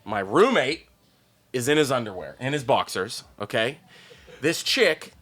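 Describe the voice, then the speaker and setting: Male comic, raunchy excitable storyteller, lively swooping delivery. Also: medium pitch, measured pace. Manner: profane, excitable, peppers story with "like" and "okay?". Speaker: stand-up comedian guest. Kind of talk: podcast storytelling.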